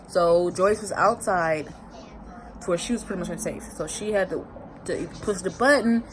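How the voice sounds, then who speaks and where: A woman's voice: fairly low pitch, moderate pace, noisy background. A woman talking casually in a vlog recap, emotional and rambling, often repeating herself. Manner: colloquial, expressive. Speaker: vlogger recapping a TV season.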